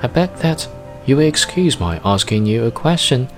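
A man voicing a timid, tired little boy prince, speaking softly and hesitantly. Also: mid-range voice, expressive, normal speed, music in the background, voice pushed up, natural voice. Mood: polite. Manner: soft and hesitant.

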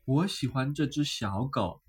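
A woman's voice: a bass voice, expressive, a little slow, recorded from a distance. A woman reading aloud, voicing a sensible dad in a children's story in a plain, matter-of-fact way.

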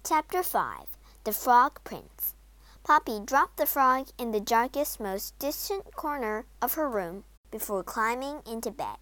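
A woman reading a children's storybook aloud in an expressive, lively way, voicing all the characters herself. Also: on the high side, unhurried, no room sound. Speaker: storybook narrator. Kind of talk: storybook read-aloud narration.

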